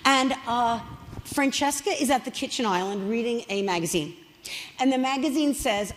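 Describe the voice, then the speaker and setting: A middle-aged woman telling funny family stories as an author on a festival stage, chatty and animated. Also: fairly high pitch, moderate pace, long reverb tail. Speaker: author speaking at a book festival. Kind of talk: humorous storytelling talk. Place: large festival hall.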